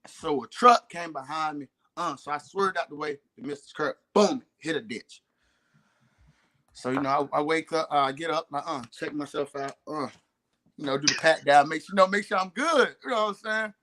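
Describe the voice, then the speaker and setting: A young man with a Southern accent telling a story in casual chat, talking fast with a slurred drawl and lots of fillers. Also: fairly high pitch, bright, forceful tone. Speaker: podcast co-host.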